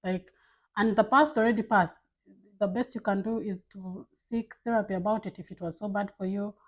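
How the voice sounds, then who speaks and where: A woman's voice: medium pitch, rough recording. A woman talking candidly to camera, giving blunt life advice in a casual, filler-filled way. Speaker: vlogger.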